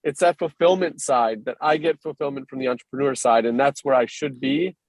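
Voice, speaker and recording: A man hosting a podcast in casual chat, talking quickly and filling his speech with "like". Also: mid-range voice, no room sound. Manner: quick casual talker, fills with "like". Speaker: podcast host.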